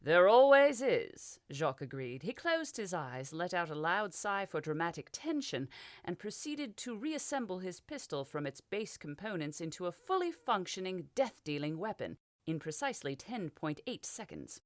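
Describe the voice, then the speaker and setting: A woman reads a fantasy audiobook with expressive storytelling. Her voice is on the low side but moves a lot in pitch. The sound is dry and close, with no room. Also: moderate pace, no room sound. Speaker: audiobook narrator. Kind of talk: scripted audiobook narration.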